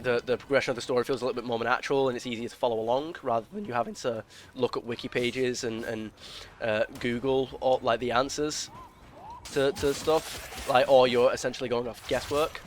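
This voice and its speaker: A man's voice: mid-range voice, fairly even intonation, normal speed, a little hiss or hum. A man giving casual gameplay commentary, rambling and opinionated, full of restarts and filler words. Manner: opinionated, explains at length. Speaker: gaming video creator.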